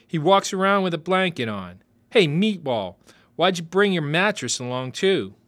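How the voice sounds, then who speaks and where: Guy doing a bossy little runaway boy, loud and taunting, read from a storybook. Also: fairly high pitch, big pitch swings, moderate pace, pitched above the performer's own voice. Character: rough brash young boy runaway.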